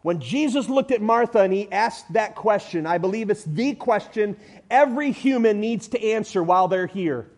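A man preaching a sermon with emphatic delivery, swinging from loud declarations to hushed lines, with everyday illustrations and humor. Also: sits high, lively intonation, normal speed.

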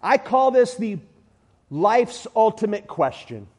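A man preaching a sermon with emphatic delivery, swinging from loud declarations to hushed lines, with everyday illustrations and humor. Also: high-pitched, big pitch swings, takes it slowly.

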